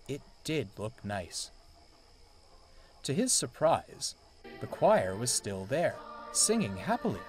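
A man narrating a storybook tale in a measured way. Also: mid-range voice. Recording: narration over loud music.

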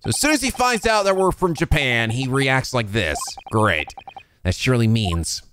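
A man's voice: mid-range voice, sing-song, moderate pace, fairly bright tone, slight background noise. A man voicing an earnest, polite young defense lawyer in a game.

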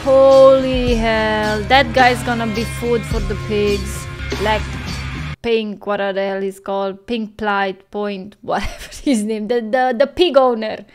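A woman's voice: mid-range voice, fairly even intonation, measured pace, soft background music. A woman hosting a movie reaction video, chatting casually, laughing often and tripping over her words. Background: film audio playing faintly.

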